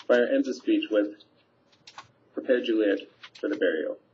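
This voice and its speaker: A teacher talks students through a play scene in a relaxed, conversational way. His man's voice sits on the low side. The recording is dull and lo-fi, as from a webcam microphone. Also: a little slow, a little hiss or hum. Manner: conversational, paraphrasing lines with fillers. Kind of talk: casual scene summary for students. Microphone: webcam mic.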